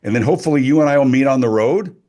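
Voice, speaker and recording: A man's voice: mid-range voice, lively intonation, rapid-fire, mellow. A middle-aged man, a guest speaker and author, talking emphatically in an interview. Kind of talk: animated interview talk.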